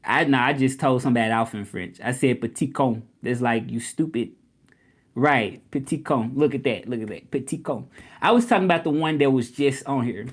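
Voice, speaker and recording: A young man with a Southern US accent from Memphis talks casually on a livestream. He is animated and a little indignant as he answers doubting commenters, and his voice sits at an ordinary middle pitch. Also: brisk, husky. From Memphis, Tennessee, US. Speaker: livestream host.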